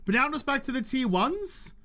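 A man's voice: very high voice, very animated, brisk, sharp tone, slight background noise. An Australian man giving jokey, chatty let's-play commentary and talking to his in-game companion. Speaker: gaming YouTuber.

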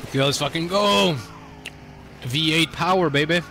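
A man's voice: fairly high pitch, moderate pace, vocal fry, bright, forceful tone, a little hiss or hum. A man streaming a driving game, commenting loosely and with swearing as he thinks aloud. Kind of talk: casual gameplay commentary.

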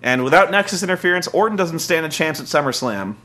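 A man hosting a comedic wrestling recap, sarcastic and profane with deadpan jokes. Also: on the high side, fast talker. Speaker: podcast host.

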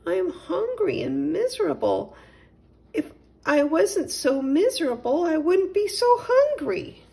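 A woman voicing a sad, plump female cat who whines and sobs in a high, tearful voice, in a storybook reading. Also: big pitch swings, a little slow, vocal fry, warm tone, heavily acted. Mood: miserable. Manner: sobbing, whiny.

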